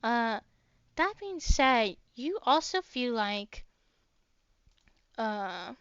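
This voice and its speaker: A high, bright woman's voice narrating a tabletop game at an unhurried pace, with plenty of ums along the way. The sound is dry, close and a little dull and lo-fi, like a home stream mic. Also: big pitch swings, clear, resonant tone, dry recording. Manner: unhurried, many fillers. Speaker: game master.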